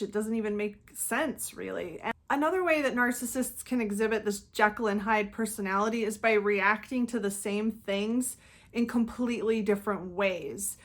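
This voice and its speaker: A woman speaks straight to her viewers in a loose, conversational way. Her voice sits at a middle pitch. She now and then slips into quoted voices before going back to her own easy tone. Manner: conversational, acts out quoted outbursts with laughs. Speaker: channel host. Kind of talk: casual talking-head commentary.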